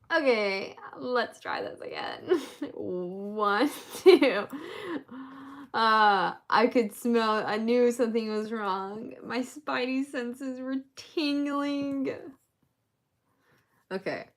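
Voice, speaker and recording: A woman's voice: fairly high pitch, slow pace, a bit bright. A woman on a casual crochet live stream, counting stitches aloud and laughing between lines as she chats to viewers.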